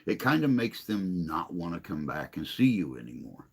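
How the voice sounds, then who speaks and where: A man's voice: low voice, big pitch swings, normal speed, creaky, husky. An older man hosting a casual livestream chat, reading viewer comments aloud in a rambling, self-deprecating way.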